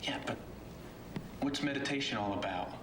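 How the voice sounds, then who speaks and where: A man's voice: medium pitch, normal speed, roomy sound, far from the mic, very noisy, lightly acted. A man playing a defensive, irritable husband. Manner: curt, defensive.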